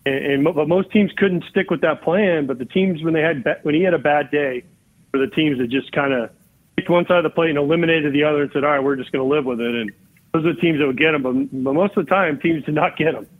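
A man's voice: fairly high pitch, fast. A man in his forties, a podcast guest and former baseball catcher, telling a long story and acting out both sides of old conversations. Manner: animated, acts out both sides of remembered dialogue. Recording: phone-like narrow-band line.

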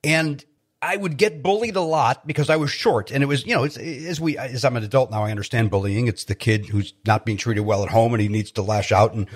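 A man, telling stories as a podcast guest in an animated, joking way. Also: mid-range voice. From South Side of Chicago. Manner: animated storyteller, quick jokey asides. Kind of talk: casual chat.

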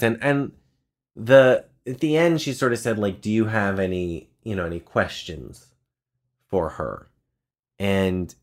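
A young man in casual conversation, telling a personal story in a rambling, heartfelt way with lots of filler words. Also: on the low side. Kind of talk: casual chat.

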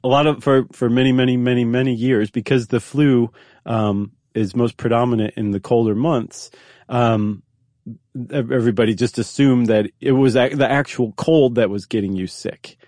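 A man's voice: medium pitch, fairly even intonation, moderate pace, darkish tone, dry recording, studio quality. A man co-hosting a podcast, explaining things in a curious, casual way with many fillers. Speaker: podcast co-host. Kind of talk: casual conversational chat.

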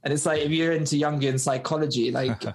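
A man's voice: on the high side, fairly even intonation, quick pace. A man, a podcast guest, telling a personal story in a loose, rambling way, full of fillers and acted-out dialogue. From United Kingdom. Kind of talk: storytelling in a casual interview.

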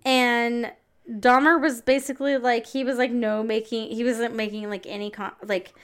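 A woman's voice: on the high side, flat delivery, moderate pace, clean tone. Profane woman telling a true-crime story. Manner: profane, filler-heavy, quotes people in voices. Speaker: podcast co-host.

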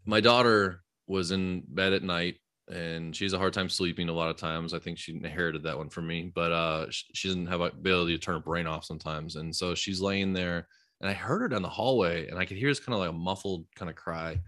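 A man co-hosting a casual podcast conversation, a parent with a business background who tells animated stories and uses lots of fillers. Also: deep voice, a little fast. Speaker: podcast host.

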